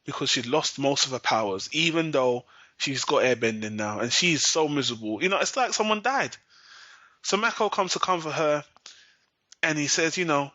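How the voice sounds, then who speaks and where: A man's voice: on the high side, lively intonation, normal speed, sharp tone, no echo. A man hosting a podcast, recapping an episode in a sarcastic, profane, exasperated way. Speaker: podcast host. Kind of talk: casual recap and rant. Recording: dull lo-fi recording, dry.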